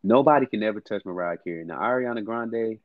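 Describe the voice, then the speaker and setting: A man's voice: on the low side, fast, no room sound, narrow, tinny audio. A man co-hosting a casual music podcast, blunt, profane and emphatic. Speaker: podcast co-host.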